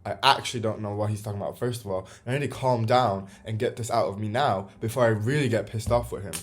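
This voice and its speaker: A man's voice: on the low side, fairly even intonation, fast. Exasperated man ranting with swearing. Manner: swearing, exasperated, quotes texts in mocking voices. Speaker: vlogger. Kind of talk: angry storytime rant.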